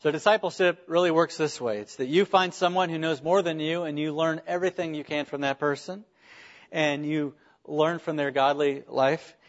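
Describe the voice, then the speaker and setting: A man's voice: a little high, steady tone, moderate pace, highs cut off. A man preaching a sermon as a pastor, earnest, with rhetorical questions and small restarts.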